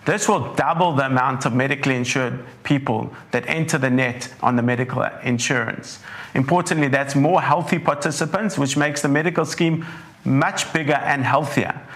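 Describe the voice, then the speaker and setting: A man, a portfolio manager with a croaky, hoarse throat, giving a measured webinar presentation that walks through charts. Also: medium pitch, fairly bright tone. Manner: measured, leans on "importantly", walks through slides.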